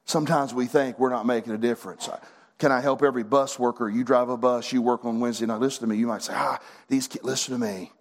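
A man's voice: mid-range voice, fairly even intonation, fast. A middle-aged man preaching a sermon as pastor, folksy and fervent, building to emphatic bursts.

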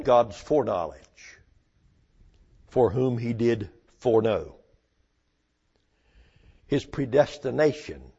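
A man preaching a sermon in a slow, deliberate cadence, leaning on single words with long pauses. His voice is somewhat low and gravelly. The recording sounds a little muffled and lo-fi. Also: mellow.

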